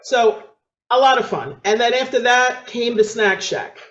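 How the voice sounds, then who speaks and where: A woman with a New York accent, a guest on an interview show, telling her story with energy, acting out other people's voices and laughing often. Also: measured pace. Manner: acts out quoted voices with big pitch jumps, laughs often. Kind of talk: animated storytelling. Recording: echoey, dull lo-fi sound.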